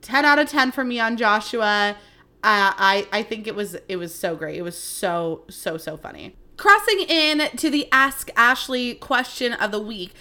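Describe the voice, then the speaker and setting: A young woman hosts her own podcast, spilling celebrity gossip in a loose, animated chat. Her voice is bright and forward, and she swears freely and laughs often as she talks. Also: a little high, a little slow. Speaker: podcast host. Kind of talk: casual solo podcast chat.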